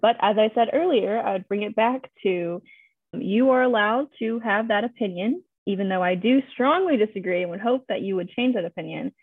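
A woman's voice: medium pitch, fairly quick, breathy edge, dry recording. A woman with a Louisiana accent, a guest speaking earnestly and measuredly in a casual podcast chat. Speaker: guest, abortion rights advocate. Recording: tinny phone-like line.

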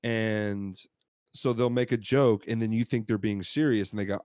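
A man's voice: lowish voice, fairly even intonation, moderate pace, darkish tone, no echo, studio quality. A man co-hosting a podcast, telling a rambling anecdote in casual chat and acting out what people said. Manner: rambling anecdotes with laughs, acts out quotes. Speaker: podcast co-host.

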